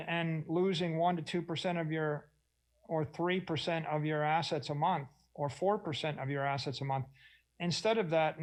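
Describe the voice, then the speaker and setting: A man's voice: on the high side, rough recording. A middle-aged man speaking on a conference panel, enthusiastic and expansive, often slipping into quoted voices.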